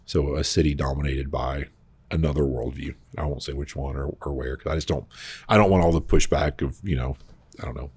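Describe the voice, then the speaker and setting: Brief: male podcast co-host, very low and husky voice, rambling anecdotes. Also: fairly quick, no room sound. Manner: animated, rambling storyteller. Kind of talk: casual storytelling chat.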